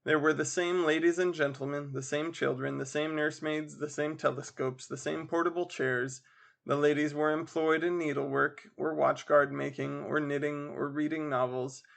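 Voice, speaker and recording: Male audiobook-style reader, expressive, bright tone with gravel. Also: fairly high pitch, normal speed. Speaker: podcast host and reader. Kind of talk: reading a classic story aloud.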